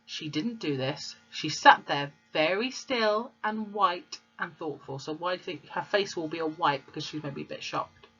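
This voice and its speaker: A woman reads a storybook to children, stopping to explain pictures and words. Her voice is lowish, bright and husky. The recording is dull and lo-fi. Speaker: teacher reading aloud.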